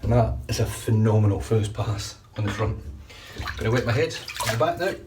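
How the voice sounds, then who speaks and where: A man's voice: on the low side, a little fast. A man chatting casually and rambling while he shaves his head, often restarting his sentences. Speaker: shaving vlogger. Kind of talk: casual running commentary while shaving. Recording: distant mic with faint background noise.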